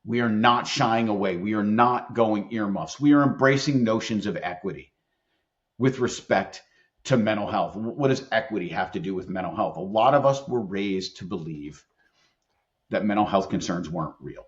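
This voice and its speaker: Earnest low-voiced man telling stories. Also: moderate pace, dull audio. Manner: storytelling, emphatic and earnest. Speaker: employment attorney and leadership expert guest. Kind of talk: conversational podcast interview.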